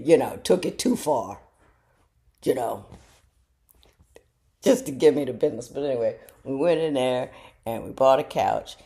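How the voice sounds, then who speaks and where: A middle-aged woman, telling casual stories to her viewers in a chatty, self-mocking way and jumping into high voices when she quotes people. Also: vocal fry, warm tone. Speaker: show host talking to viewers. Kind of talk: casual storytelling monologue.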